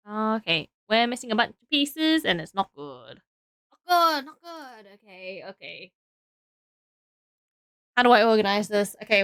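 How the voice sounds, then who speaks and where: A woman live-streams while building, chatting casually and giggling with her viewers in a slightly high, somewhat bright voice. She sounds tired and trails off into talking to herself. The tone is clean, with studio quality and no echo.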